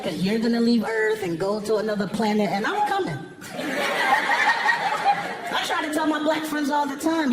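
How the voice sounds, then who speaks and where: A man doing a stand-up comedy routine, telling jokes in an animated storytelling way on a club stage. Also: very high-pitched. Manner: animated storytelling, punchline delivery. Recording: echoey club with loud crowd noise.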